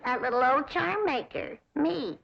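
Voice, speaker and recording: A woman's voice: sits high, expressive, measured pace, gravelly, over a noisy crowd, full character voice. An actress playing a feisty old hillbilly grandmother who makes love charms, with a folksy, bossy manner. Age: older. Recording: dull old TV sound with noise.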